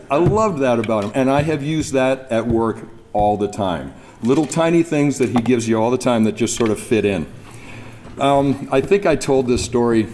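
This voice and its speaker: A man's voice: mid-range voice, a little mellow. A man from New Brunswick, Canada, giving an anecdotal memorial speech at a podium, chuckling as he tells stories. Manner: storytelling, chuckling, imitates others. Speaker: speaker at a memorial event. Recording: mic speech with background noise.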